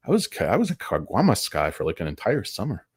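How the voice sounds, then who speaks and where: Middle-aged male stream host, very low voice, dry close sound, rambling and crude. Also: huge pitch swings, quick pace, slightly rough, no room sound. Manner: crude joking asides, tangents, loud bursts. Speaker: stock market livestream host. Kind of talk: rambling casual market commentary.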